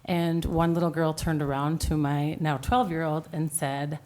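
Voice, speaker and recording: Low-voiced hesitant middle-aged woman. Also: steady tone, unhurried, darkish tone. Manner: hesitant, many "um" fillers. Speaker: panelist and mother. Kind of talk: panel discussion.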